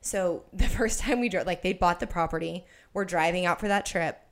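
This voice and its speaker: A woman's voice: fairly low pitch, normal speed. A young woman from Colorado in casual podcast chat, talking freely and laughing often as she quotes things. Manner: chatty, laughs often, playful quoting.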